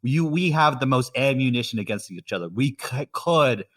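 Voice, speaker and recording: A man's voice: medium pitch, lively intonation, moderate pace, fairly bright tone, recorded from a distance. A man co-hosting a podcast about music albums, chatting casually with many fillers and frequent laughs. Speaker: podcast co-host. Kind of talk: casual chat.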